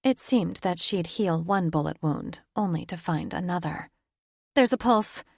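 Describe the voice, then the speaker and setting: A woman narrating an audiobook in a measured, dramatic read. Her voice sits low with a gravelly texture, and the close recording is dry, with no room sound. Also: no room sound. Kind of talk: scripted narration.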